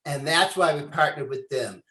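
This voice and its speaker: A man's voice: on the high side, normal speed, pushed and bright. A man hosting a webinar, introducing the panel in an earnest, formal way. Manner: earnest and formal, says "quite frankly". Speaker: webinar host. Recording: echoey room.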